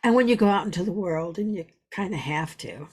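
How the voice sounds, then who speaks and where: A woman's voice: lowish voice, lively intonation, a little fast, a little mellow, breathy edge. A woman spiritual teacher giving an earnest, repetitive teaching talk, weaving in personal stories.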